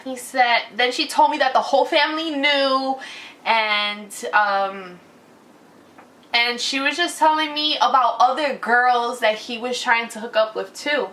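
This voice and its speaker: A woman in her twenties telling a personal story in a casual vlog, animated and loud. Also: a little high, unhurried.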